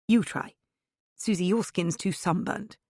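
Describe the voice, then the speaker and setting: A woman's voice: fairly low pitch, measured pace, a little mellow, dry recording, clean studio sound. A woman voicing Daniel, a theatrical, flamboyant man who lectures his friends with playful showmanship. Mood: theatrical lecturing.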